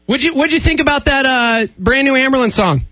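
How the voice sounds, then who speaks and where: An upbeat male radio host bantering with a caller and laughing often. His voice is bright and pitched high for a man, and it swings a lot in pitch. The sound is dry and close to the mic. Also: lively intonation, a little fast, dry recording.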